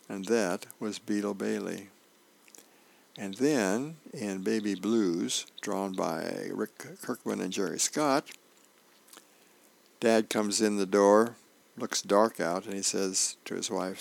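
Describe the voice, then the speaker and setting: Low gravelly guy reading the funnies on a radio reading service, tiny voice changes for the lines. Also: steady tone, takes it slowly. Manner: reads comic dialogue with small voice changes. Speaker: volunteer newspaper reader. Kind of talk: reading comics and news aloud.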